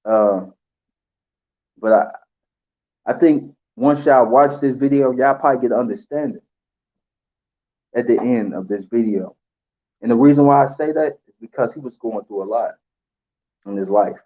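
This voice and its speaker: Emotional man speaking haltingly. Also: medium pitch, dull audio. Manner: halting, many pauses and fillers. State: emotional, holding back tears. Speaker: channel host. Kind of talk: emotional tribute monologue.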